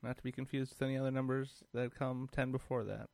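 A man's voice: medium pitch, level tone, fast, creaky, a little mellow, no room sound. Dry-voiced male podcast co-host. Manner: laid-back, rambling, dry jokes. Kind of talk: casual chat.

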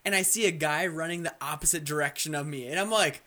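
Excitable young man telling game stories. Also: fairly high pitch, quick pace. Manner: excitable storytelling, restarts, swearing. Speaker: co-host. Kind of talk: casual gaming chat.

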